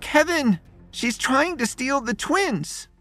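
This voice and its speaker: A man voicing a frantic female doctor who pleads and shouts urgent orders. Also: sits high, very animated, a little slow, dry recording, soft background music, pitched above the performer's own voice, full character voice.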